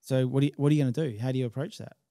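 Man, mellow match-director talk. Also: medium pitch, fairly even intonation, racing, no room sound, clean studio sound. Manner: explanatory, technical detail. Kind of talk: casual podcast chat.

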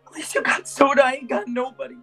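A woman playing a lonely, frightened teenage boy from a rough gang in an amateur stage play, speaking haltingly. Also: sits high, little pitch movement, fairly bright tone, faint music behind, heavily acted. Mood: miserable. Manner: halting, stammering. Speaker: student actor.

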